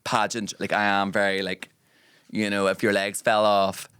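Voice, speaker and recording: A man's voice: fairly low pitch, flat delivery, moderate pace, fairly bright tone, smooth, dry recording. A young Northern Irish man co-hosting a podcast, talking in a chatty, theatrical way. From Northern Ireland. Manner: chatty, theatrical, quotes people in put-on voices. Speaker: podcast co-host. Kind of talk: casual chat.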